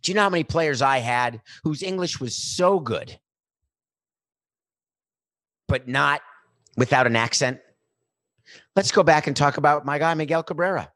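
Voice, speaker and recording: A man's voice: fairly high pitch, normal speed, a bit bright, dry recording, studio quality. A middle-aged man giving an emphatic, opinionated sports monologue, building his points through long repeated lists. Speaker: sports commentator.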